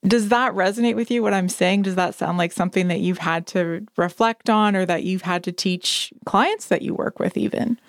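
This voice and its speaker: Gravelly woman podcast host, dry sound. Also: mid-range voice, moderate pace, few pauses, no echo. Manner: reflective, acts out quoted phrases. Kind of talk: casual interview talk.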